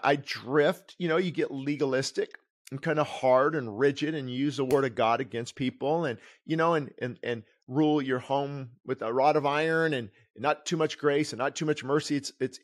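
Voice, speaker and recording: A middle-aged pastor preaching his own book aloud, earnest and digressive, often breaking off and restarting his sentences. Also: mid-range voice. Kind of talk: sermon reading of his book with commentary.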